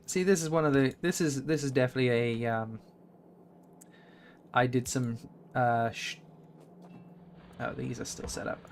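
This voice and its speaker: A man's voice: medium pitch, steady tone, normal speed, creaky, long pauses, a little hiss or hum. A man streaming a game live, rambling and thinking aloud with many fillers. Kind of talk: live gameplay commentary.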